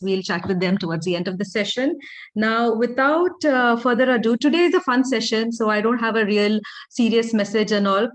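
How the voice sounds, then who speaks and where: A woman hosting an online club meeting over a video call, chatty and welcoming as she greets people. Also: on the high side. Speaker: meeting host.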